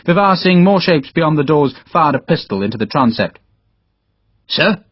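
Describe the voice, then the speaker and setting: Male narrator, dramatic reading, expressive pitch, muffled dry lo-fi recording. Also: fairly quick, dry recording. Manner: dramatic storytelling, voices all characters. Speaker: audiobook narrator. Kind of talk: scripted narration. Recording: dull, dry lo-fi audiobook recording.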